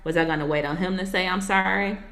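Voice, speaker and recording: A woman's voice: fairly low pitch, fairly even intonation, fast, fairly bright tone. A woman who is a marriage coach and author, a guest telling her personal story in a casual interview, earnest and reflective, with casual asides to the host. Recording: echoey room.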